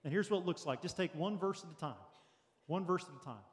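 A man's voice: high voice, fast, in a large hall. A man preaching a sermon as pastor, earnest and practical, with light jokes for the congregation. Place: church sanctuary.

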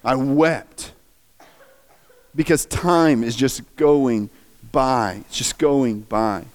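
A man's voice: medium pitch, takes it slowly, darkish tone. A man preaching, earnestly and emotionally retelling a story with feeling. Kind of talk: sermon storytelling.

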